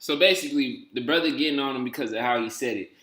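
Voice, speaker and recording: A man's voice: mid-range voice, fast talker, reverberant, noisy background. A man hosting a reaction video, talking casually and emphatically with slang. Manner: conversational, emphatic, streetwise slang. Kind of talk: casual commentary.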